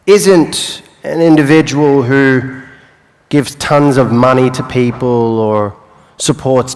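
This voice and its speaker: A young man giving a motivational talk on stage, telling his life story with long pauses and playful asides. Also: mid-range voice. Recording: live hall with long reverb.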